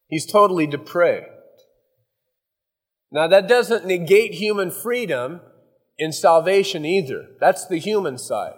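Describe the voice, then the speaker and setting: A man's voice: sits high, expressive, a little slow, pauses often, husky, big-room sound. A man preaching a verse-by-verse sermon as pastor, folksy and conversational, often acting out asides.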